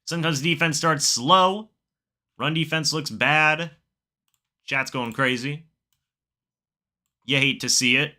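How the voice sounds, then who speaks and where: A man with a voice on the high side hosts a live reaction stream at home, doing play-by-play of the game on screen and chatting with viewers. He takes it slowly with long pauses, excitable when plays happen and muttering quietly in the asides.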